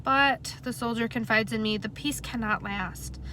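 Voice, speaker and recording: Bright-voiced woman reading a novel aloud. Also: a little high, normal speed, slight background noise, rough recording. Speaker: reader.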